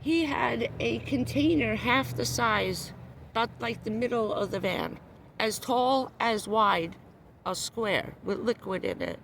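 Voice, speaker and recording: A woman's voice: a little high, sing-song, takes it slowly, creaky, background noise. Furious, cursing woman ranting on a livestream. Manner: heated, profane, repetitive. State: upset, near tears. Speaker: vlogger. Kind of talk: angry livestream rant. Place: parked car.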